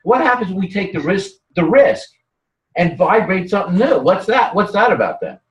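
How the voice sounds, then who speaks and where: A man's voice: high-pitched, moderate pace, dull audio. A man talking in a casual chat, telling rambling stories with lots of restarts. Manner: rambling, animated storytelling with many restarts. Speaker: guest. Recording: roomy, distant from the mic.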